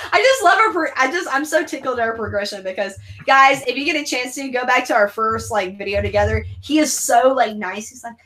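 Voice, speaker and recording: A chatty woman hosts a casual movie watch-along, laughing often and swearing freely. Her voice sits a little high and bounces all over the place. She keeps things loose and crude. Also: lively intonation, a little fast, fairly bright tone, slight background noise. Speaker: channel host.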